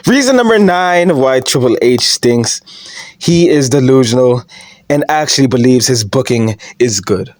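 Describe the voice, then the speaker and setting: A man's voice: a little high, a little mellow, no room sound, studio quality. A man ranting in a vlog monologue, mocking and swearing, laughing at his own jokes and often asking "all right?". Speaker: wrestling commentary YouTuber.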